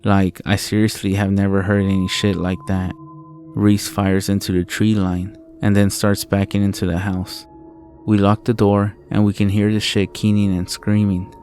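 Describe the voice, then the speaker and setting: A man with a very deep voice reads a first-person horror story, swearing often. His delivery is level and flat, barely rising or falling. A soft music bed plays behind him. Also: normal speed. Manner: low, steady storytelling with frequent swearing.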